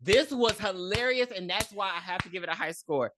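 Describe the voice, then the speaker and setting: A woman's voice: mid-range voice, lively intonation, a little fast, background noise. A woman co-hosting a podcast, animatedly retelling a movie in casual, profane chat. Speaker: podcast co-host.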